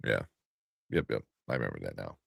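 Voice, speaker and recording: A very deep-voiced man hosts a laid-back podcast chat, sounding sleepy and a little groggy. He rambles and restarts his sentences often. The sound is dry and close to the mic. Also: expressive, a little fast, creaky, no echo. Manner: loose, rambling, with many restarts. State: sleepy, yawning. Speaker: podcast host. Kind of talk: casual chat.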